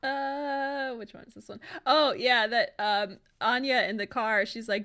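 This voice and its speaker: A woman's voice: on the high side, steady tone, unhurried, sharp tone. A woman in a casual chat as a co-host, giggly and searching for her words. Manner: giggly, hesitant with fillers.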